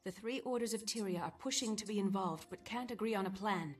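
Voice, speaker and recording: A composed, regal queen from a video game cutscene, voiced by a woman. She speaks in a formal, measured way, neither high nor low. Soft music plays behind her. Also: natural voice. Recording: game audio under background music.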